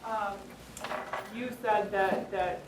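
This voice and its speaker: A woman's voice: medium pitch, fairly even intonation, extremely slow, noisy background. A woman in a meeting room audience hesitantly asks the speaker a question, hedging with many fillers. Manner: hesitant, apologetic, full of fillers. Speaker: audience member asking a question. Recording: roomy, distant sound from the audience.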